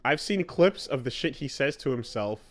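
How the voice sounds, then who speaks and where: A man's voice: medium pitch, lively intonation, normal speed. A man co-hosting a laid-back gaming podcast. He mostly listens with short agreements and adds the odd wry joke. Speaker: podcast co-host. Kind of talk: casual podcast chat about video games.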